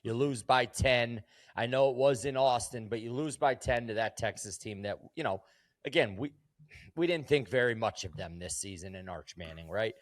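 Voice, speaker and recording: A man talks sports bets in a blunt, emphatic, profane way. His voice sits at an ordinary pitch and sounds close and dry, with no room echo. It comes across as casual chat between co-hosts. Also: normal speed. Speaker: co-host.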